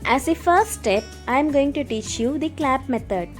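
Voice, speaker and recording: A woman teaching a poetry lesson to children in a clear, patient way. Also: high-pitched, lively intonation, normal speed, faint music behind. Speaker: English teacher. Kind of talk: scripted video lesson.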